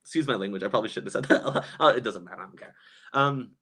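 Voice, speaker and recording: A man chatting casually on a live stream, gossipy and quick to laugh, reading viewers' comments aloud and reacting. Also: on the low side, fairly bright tone.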